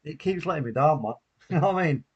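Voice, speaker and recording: A man's voice: a little high, expressive, fast, muffled recording, a crowd in the background. Chatty man hosting a live stream. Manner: chatty, laughs a lot, reads out viewer comments. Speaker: watchalong host. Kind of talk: casual live stream chat.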